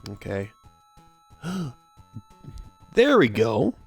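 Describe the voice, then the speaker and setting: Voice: mid-range voice, wildly swooping pitch, extremely slow, creaky, slightly rough, soft background music. A streamer from Texas, giving playful, giggly commentary while playing a game and sounding out German ride names.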